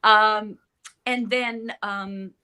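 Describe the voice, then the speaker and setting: Bright-voiced chatty woman guest. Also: mid-range voice, fairly even intonation, extremely slow, smooth. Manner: chatty, many fillers and restarts. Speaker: actress guest. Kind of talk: casual interview chat.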